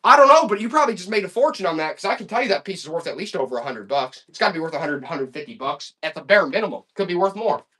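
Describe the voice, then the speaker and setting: Excitable male auction-stream pitchman. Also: fast talker, hardly any pauses. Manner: excitable, hyped-up pitchman with loud exclamations. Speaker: live online auction host. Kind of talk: live-stream selling patter.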